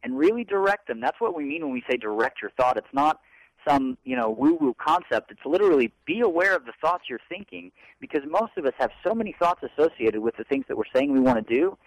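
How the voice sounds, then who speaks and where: A man's voice: on the high side, sing-song, quick pace, no echo, rough recording. A man co-hosting a self-help talk show, rambling earnestly and acting out his own inner thoughts. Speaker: co-host.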